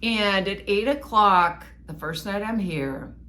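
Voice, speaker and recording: A woman co-hosting a podcast, telling a personal story in an animated, self-mocking way. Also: medium pitch, takes it slowly, a little hiss or hum. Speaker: podcast co-host. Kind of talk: casual storytelling chat.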